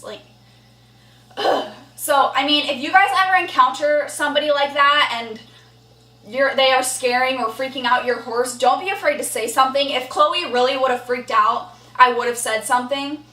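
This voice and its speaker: A woman's voice: sits high, moderate pace, pushed and bright, far from the mic. A young woman vlogging an indignant storytime rant, blunt and swearing freely. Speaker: horse vlogger. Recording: echoey room, voice a bit off-mic.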